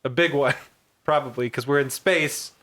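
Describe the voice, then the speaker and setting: A man's voice: mid-range voice, moderate pace, fairly bright tone. A man playing a tabletop role-playing game, chatty and joking as he plans. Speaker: player.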